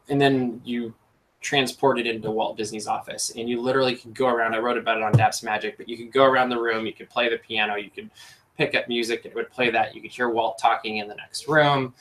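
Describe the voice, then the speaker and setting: A man's voice: medium pitch, steady tone, a little fast, fairly bright tone, slight background noise, poor audio. A man hosting a casual podcast chat, enthusiastic and rambling with lots of fillers. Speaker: podcast host.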